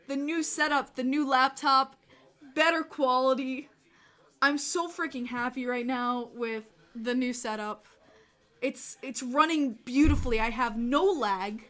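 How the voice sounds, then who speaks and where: A woman hosting a casual livestream, excitable and chatty, laughing often and swearing casually. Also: high-pitched, unhurried. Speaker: livestream host.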